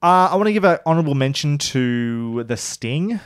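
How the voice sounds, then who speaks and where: A man co-hosting a podcast, reviewing an animated series in casual, rambling chat with frequent restarts. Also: on the high side, moderate pace, smooth. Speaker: podcast co-host.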